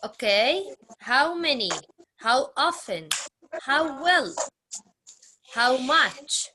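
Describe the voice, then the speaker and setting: A woman's voice: sits high, expressive, drawn-out words, noisy background. A woman teaching English grammar, drilling question words over and over and stressing her question intonation. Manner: drills phrases with repetition and exaggerated question intonation. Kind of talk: slow classroom grammar lesson.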